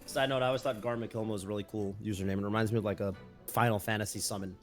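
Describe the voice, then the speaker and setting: A man co-hosting a casual streamed chat show, chatty and quick to laugh, with lots of fillers. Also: lowish voice, steady tone, faint music behind. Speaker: co-host.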